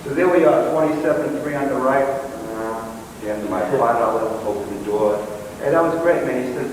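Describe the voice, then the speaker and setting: A man with a Brooklyn accent performing a poetic one-man stage show, telling stories with animated delivery, recorded from far off in a theater. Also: medium pitch, moderate pace. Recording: distant echoey hall, noisy.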